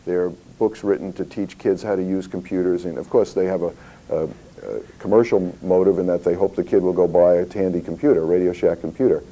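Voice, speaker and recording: At a historical society event, a man speaks publicly about his comics company, his low, mellow voice steady and fairly quick. His anecdotes are full of fillers and restarts, and he performs the voices of the people he quotes. The audio quality is poor.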